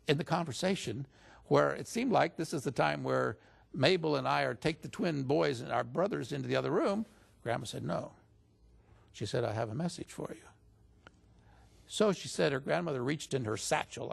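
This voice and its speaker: A man recounting a personal story in a relaxed interview. His voice is strongly gravelly with a husky edge, and it rises into animated quoting whenever he speaks for others. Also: medium pitch. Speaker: interview guest recounting stories.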